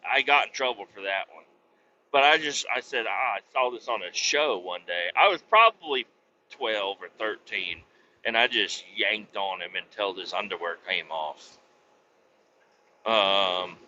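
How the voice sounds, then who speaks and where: A man hosting a podcast, telling rambling childhood stories full of swearing and flying into loud rants. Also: mid-range voice, dull audio, a little hiss or hum. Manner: rambling, swears a lot, rants loudly when interrupted. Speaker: podcast host. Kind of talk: profane comedic storytelling.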